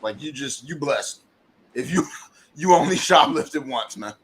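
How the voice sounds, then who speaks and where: A man with a mid-pitched voice teasing his co-hosts in casual podcast chat. He laughs easily and talks loosely. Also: animated, measured pace, a crowd in the background, rough recording. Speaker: podcast co-host.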